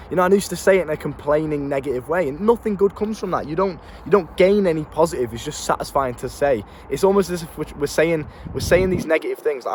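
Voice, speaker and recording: A young man's fairly high, slightly mellow voice moves at a quick pace as he casually coaches self-improvement to camera outdoors in town. He's blunt and slangy, peppering his talk with swearing and repeated words, and faint street noise can be heard.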